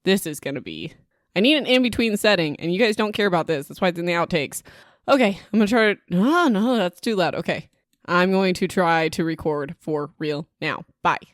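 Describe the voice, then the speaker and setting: A woman's voice: lowish voice, a little fast, no echo, clean studio sound. A woman hosting her own podcast in a chatty, rambling, self-deprecating way, talking into a home microphone. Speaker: podcast host. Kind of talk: casual solo podcast chat.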